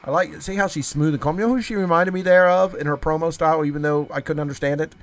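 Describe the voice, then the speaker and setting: A man's voice: fairly high pitch, fast talker. Male solo wrestling commentator, enthusiastic, conversational, addresses viewers. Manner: enthusiastic, chatty, talks straight to viewers.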